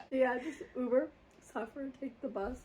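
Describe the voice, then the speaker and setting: A woman's voice: high-pitched, noisy background. A young woman hosting a casual chat, telling a story with lots of laughter and acted-out quotes. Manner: animated, laughs often, acts out voices in her story. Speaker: podcast host.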